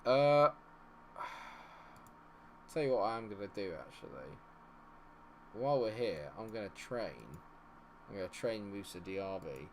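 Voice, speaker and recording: A man streams a football management game, his low voice swinging widely as he reacts. He chats with viewers between excitable outbursts at the match, over faint background noise. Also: slow, long pauses. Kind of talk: live gaming commentary chatting with viewers.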